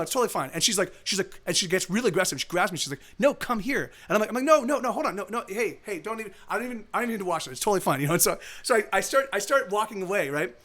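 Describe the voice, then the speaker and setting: A man on a live stream tells a long story in a loose, rambling way, restarting his sentences and acting out what people said. He talks quickly, and his voice sits high for a man. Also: sharp tone. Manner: rambling, full of restarts and acted-out quotes. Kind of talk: casual storytelling.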